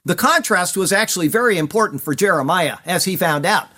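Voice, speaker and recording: A man giving scripted Bible commentary in an earnest, measured way, stressing key words. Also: sits high, expressive, pushed and bright. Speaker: preacher.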